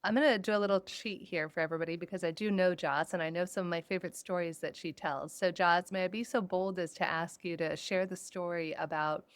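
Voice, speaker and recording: A woman hosting a podcast, chatting casually and encouraging her guest with quick reactions. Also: lowish voice, steady tone, clean tone, no echo. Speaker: podcast host. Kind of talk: casual interview chat.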